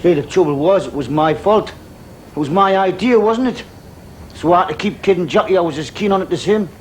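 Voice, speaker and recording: An actor playing a chatty, excitable ten-year-old Geordie schoolboy who narrates his own story in a stage play. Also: high-pitched, brisk, a little hiss or hum, close to an everyday voice, low-quality recording. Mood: wistful.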